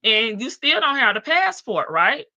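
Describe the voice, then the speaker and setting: A woman's voice: fairly high pitch, very animated, unhurried, pushed and bright, no echo. A woman hosting a live stream, giving sassy casual commentary on jail calls and answering chat. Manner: sassy, talks back to chat, laughs often.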